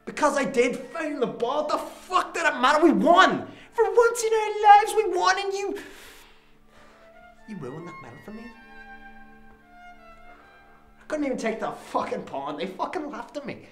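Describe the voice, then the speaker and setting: A man's voice: very high-pitched, sing-song, brisk, hardly any pauses, faint music behind. An actor playing a troubled adult son who confronts his father in a raw, profane dramatic monologue. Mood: angry recollection. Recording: roomy echo.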